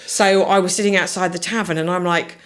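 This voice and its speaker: Chatty woman, lowish voice. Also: steady tone, brisk. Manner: chatty, enthusiastic storyteller. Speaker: podcast guest, social media marketer. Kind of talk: casual chat.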